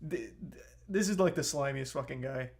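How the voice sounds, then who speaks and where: A man's voice: medium pitch, moderate pace, gravelly, a little mellow. A man reacting to a video on a live stream, blunt and profane, getting heated as he talks.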